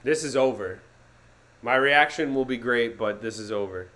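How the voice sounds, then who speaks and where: A young man hosting a live sports reaction stream, swinging from gloomy muttering to excited yelling and talking to his chat. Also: mid-range voice, normal speed. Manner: talks to chat viewers by name.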